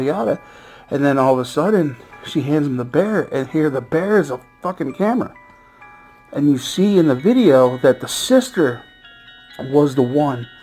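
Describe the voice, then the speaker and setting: A man casually recapping a horror film's plot as a movie reviewer, rambling and excitable, with lots of fillers and swearing. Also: mid-range voice.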